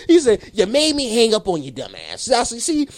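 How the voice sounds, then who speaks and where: A man telling a story in casual chat, animated and swearing, acting out the people in it. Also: very high voice, normal speed. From South Carolina. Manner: animated, swearing, mimics people in his stories.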